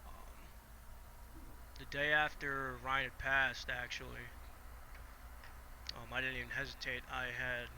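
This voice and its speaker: A man with a very bright, sharp tone, speaking as a podcast guest. He talks candidly but haltingly, leaning on fillers and letting some phrases trail off quietly. A light hiss runs behind him. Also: mid-range voice, flat delivery. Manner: halting, many fillers, soft at times. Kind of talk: candid personal conversation.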